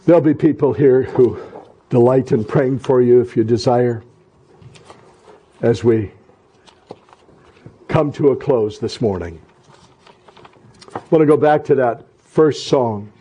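A middle-aged male pastor preaching a sermon, fervent and repetitive, swelling into loud exhortation and stumbling into restarts during asides. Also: mid-range voice, a little hiss or hum, poor audio.

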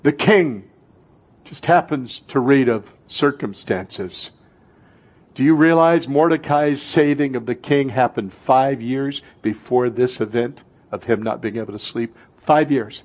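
Impassioned pastor in his sixties, slow-paced. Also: mid-range voice. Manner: impassioned, swinging from fervent outbursts to hushed intimacy. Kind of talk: sermon. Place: church before a congregation.

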